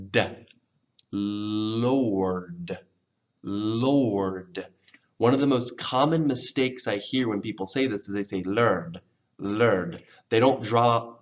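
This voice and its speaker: A man teaching English pronunciation, patiently repeating words slowly for learners to copy. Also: lowish voice, dull audio. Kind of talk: pronunciation lesson.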